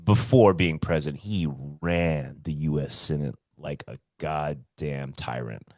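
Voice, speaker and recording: A man's voice: a little slow, no room sound, clean studio sound. A man co-hosting a casual podcast, telling stories with lots of swearing and acting out quotes. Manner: animated, swears a lot, acts out quotes in a high voice. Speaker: podcast co-host. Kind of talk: casual chat, storytelling. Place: Hawaii.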